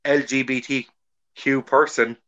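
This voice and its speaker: A man's voice: mid-range voice, level tone, unhurried, bright, forceful tone, lo-fi sound. Chatty male podcast host. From Ireland. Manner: gushing, chatty, jokey. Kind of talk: casual chat.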